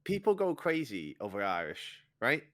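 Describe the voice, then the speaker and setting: A man's voice: fairly low pitch, huge pitch swings, normal speed, fairly bright tone. A young man co-hosting a podcast, giving blunt, crude opinions in casual chat. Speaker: podcast co-host.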